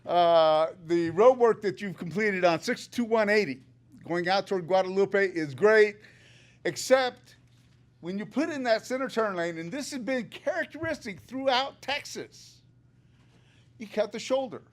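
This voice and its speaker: A man's voice: high voice, expressive, unhurried. A retired older man speaking during public comment at a meeting, chatty and joking, with an upbeat manner, at a podium microphone in a meeting room.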